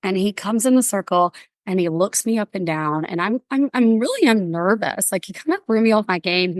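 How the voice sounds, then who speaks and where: Woman, bubbly, animated storyteller, middle pitch, dry close sound. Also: a little fast, no echo. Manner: bubbly, animated, acts out voices in stories. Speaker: podcast guest, workplace wellbeing speaker. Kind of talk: storytelling interview chat.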